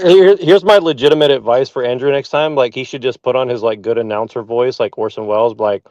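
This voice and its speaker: A man's voice: medium pitch, brisk, darkish tone. A man co-hosting a podcast in casual chat, sarcastic, often stammering and restarting his sentences. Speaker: podcast co-host. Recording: dull lo-fi mic.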